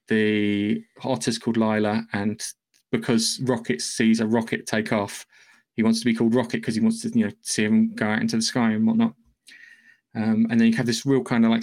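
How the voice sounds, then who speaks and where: A man hosting a podcast, giving a loose, profane, rambling recap of a film's plot in casual chat. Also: medium pitch. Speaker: podcast host.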